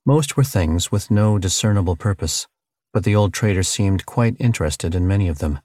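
A man narrating an audiobook in a steady, measured reading. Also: low-pitched, dry recording, clean studio sound. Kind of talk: scripted narration.

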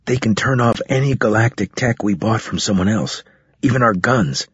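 A man's voice: fairly low pitch, normal speed, a bit bright, breathy edge, dry recording. A man voicing a young soldier who talks in a plain, matter-of-fact way. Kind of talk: audiobook character reading. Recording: dull, muffled audio.

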